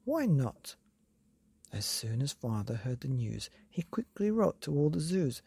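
A woman reading a rhyming story aloud at bedtime, soft and half-whispered. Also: extremely low pitch, sing-song, normal speed, creaky, slightly rough, dry recording. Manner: soft, half-whispered, sing-song rhyme.

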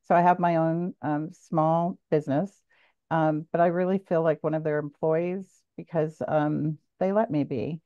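A woman's voice: low-pitched, fairly even intonation, a little slow, dry recording. A woman introducing herself on a webinar panel over a video call, chatty and apologetic with fillers. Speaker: panelist, trade show planner. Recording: tinny phone-like video call line.

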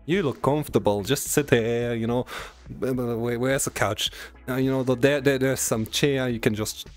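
A man's voice: medium pitch, moderate pace, faint music behind. German-accented male streamer, rambling chat. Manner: rambling, teasing, stammering, laughing often. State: strained voice. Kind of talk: casual live-stream chat.

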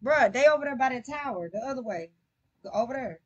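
A woman hosting a livestream, chatting casually and cheering on her teammate with excited, slangy play-by-play. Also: high-pitched, fairly quick, lo-fi sound. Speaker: livestream gamer host. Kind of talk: casual gaming chat.

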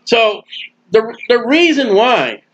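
Guy preaching, high-pitched and kinda husky, folksy storytelling, muffled old recording. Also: slow pace. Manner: folksy, animated, acts out quoted voices. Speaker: street preacher. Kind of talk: sermon.

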